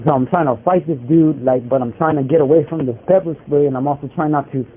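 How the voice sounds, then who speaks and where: On the high side and fast, this man's voice comes through a tinny prison phone line with a faint hiss. Interviewed while incarcerated, he tells a rambling story in street slang loaded with fillers, "like" and "bro."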